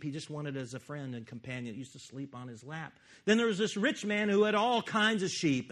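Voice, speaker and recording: A man voicing the prophet Nathan as a grave storyteller who confronts a king, declaiming loudly in a raised voice. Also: on the high side. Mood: coaxing. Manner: emphatic, rising, declaiming scripture.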